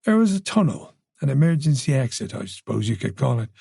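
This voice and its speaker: A narrator voicing a calm, reasonable Irish police chief who speaks in a soothing way. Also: male voice, mid-range voice, a little fast, creaky, husky, no room sound, clean studio sound, full character voice. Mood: explaining.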